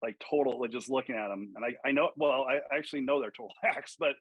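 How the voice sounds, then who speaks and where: A man's voice: mid-range voice, fast, fairly bright tone, breathy edge, no echo, rough recording. A man who coaches golf, telling stories animatedly in a podcast interview, acting out quotes and swearing freely.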